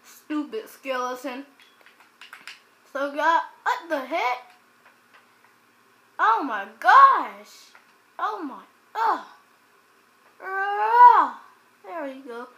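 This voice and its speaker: A woman giving let's play commentary as a gaming channel host, chatting to viewers and bursting into loud exclamations. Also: high voice, a little hiss or hum. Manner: chats directly to viewers.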